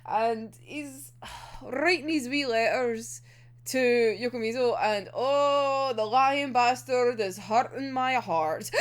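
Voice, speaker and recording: A woman, excitedly reacting to an anime episode, laughing often and swearing freely. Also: on the high side, takes it slowly. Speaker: anime reviewer. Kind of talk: casual episode reaction vlog.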